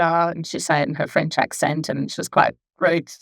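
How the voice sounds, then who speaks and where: Woman, 50s, low voice, rambling chatty talk, dry close sound. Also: steady tone, moderate pace, vocal fry, dry recording. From Australia. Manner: chatty, rambling, with many asides. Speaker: skin therapist speaking at a wellness event. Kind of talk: casual talk at a live event. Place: clinic event room.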